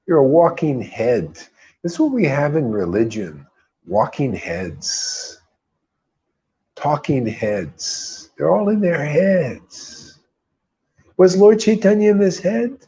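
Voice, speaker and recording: A man's voice: on the high side, sing-song, takes it slowly, warm tone, husky. A man leading a devotional group, giving an informal spiritual talk full of emphatic repetition and rhetorical questions.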